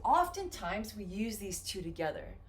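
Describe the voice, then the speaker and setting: A woman teaching English, explaining patiently with simple examples in a slow, careful lesson. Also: mid-range voice, sing-song, a little hiss or hum.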